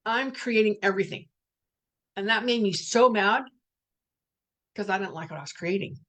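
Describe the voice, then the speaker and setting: A woman's voice: mid-range voice, normal speed, fairly bright tone. Candid woman giving a reflective spiritual talk. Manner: candid, earnest, swears, reads out participants' messages. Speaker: workshop facilitator.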